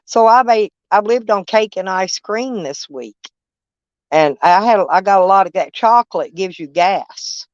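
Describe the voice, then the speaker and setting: A woman's voice: mid-range voice, animated, a little slow, dry recording. Older lady rambling on a live stream from her camper, folksy, cusses a lot, muffled dry audio. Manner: rambling, folksy, blunt, with frequent swearing. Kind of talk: casual live chat with viewers.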